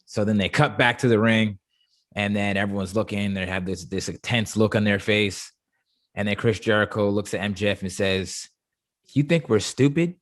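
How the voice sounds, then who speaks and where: A man hosting a casual review chat, stumbling and repeating words when he gets excited. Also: on the low side, moderate pace. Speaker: show host.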